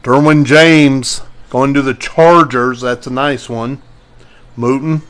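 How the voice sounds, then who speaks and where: A man's voice: mid-range voice, fairly even intonation, slow pace, fairly bright tone, smooth. A man hosting a live sports card break, calling out player names as he opens packs and greeting viewers by name.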